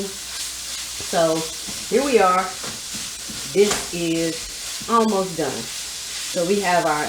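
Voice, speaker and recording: A woman's voice: lowish voice, slight background noise. A woman hosting a casual home cooking demonstration, chatting straight to her viewers as she works at the stove. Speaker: home cook host. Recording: echoey kitchen with frying sizzle.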